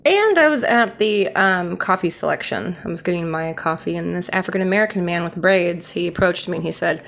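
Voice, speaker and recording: A woman's voice: on the low side, fairly quick, vocal fry, few pauses, a bit bright, slight background noise. A young woman rambling through casual true stories on a vlog, with many fillers and restarts. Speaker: storyteller.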